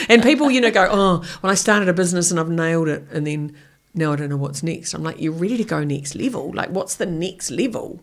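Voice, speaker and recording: Blunt and full of energy, this middle-aged female guest, an author and keynote speaker, speaks in a fairly low, sharp-toned voice that's expressive and fairly quick. During the relaxed interview chat she plays out small snippets of dialogue.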